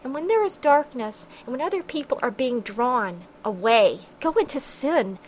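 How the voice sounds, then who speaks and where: A woman delivers an earnest, preachy podcast monologue, stopping often to quote scripture in old-fashioned wording. Her voice sits a little higher than most women's. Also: expressive, normal speed, a little hiss or hum, poor audio. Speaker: podcast host.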